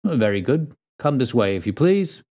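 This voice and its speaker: A man's voice: medium pitch, big pitch swings, normal speed, mellow, pitched above the performer's own voice. A man doing a hearty, stout police inspector. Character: tall, stout male police inspector, blunt and jovial.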